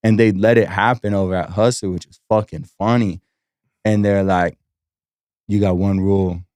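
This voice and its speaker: A man with a somewhat low voice chats on a podcast, rambling through stories laced with swearing. He acts out what others said as he goes. The sound is dry and close. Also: steady tone, normal speed, a little mellow, no room sound. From Las Vegas. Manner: rambling storytelling, swears a lot, acts out quotes. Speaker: podcast guest, strip club host. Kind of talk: casual podcast chat.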